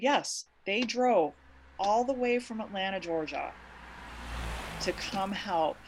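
Low-voiced woman telling an emotional story. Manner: emotional, chatty storyteller who laughs easily. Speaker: interview guest, university professor. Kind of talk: conversational interview.

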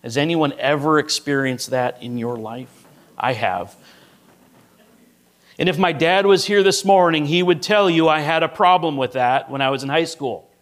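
A man's voice: on the high side, normal speed. A middle-aged male pastor preaching a sermon, telling a story to illustrate his point and often checking in with "right?".

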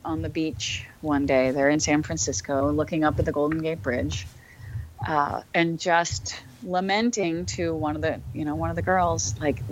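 A woman's voice: sits low, steady tone, moderate pace, slight background noise. A woman who is a podcast guest, telling a personal story in an earnest, reflective way, with frequent fillers and restarts.

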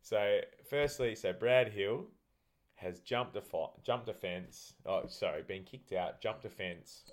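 Deep-voiced young aussie guy yarning about footy, laid back, swears a fair bit. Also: takes it slowly. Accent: Australian. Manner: rambling, laid-back storyteller, swears casually. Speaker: podcast co-host. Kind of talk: casual sports banter.

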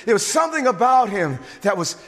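A man preaching a sermon with a high, lively voice that swings up and down. He talks emphatically, with asides and quick restarts, and his voice rings with the long reverb of a large hall. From suburbs.

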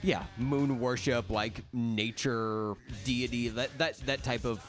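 Dry, sarcastic podcast co-host. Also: male voice, mid-range voice, fairly even intonation, slow pace, soft background music. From Oklahoma. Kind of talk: casual chat.

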